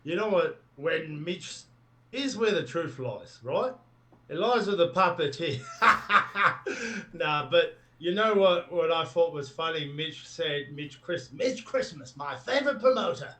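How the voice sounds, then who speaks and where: A man's voice: fairly high pitch, animated, takes it slowly, pushed and bright. A man talking as a wrestler guest in a casual, jokey interview, swearing freely. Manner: jokey, swearing, puts on a French character voice.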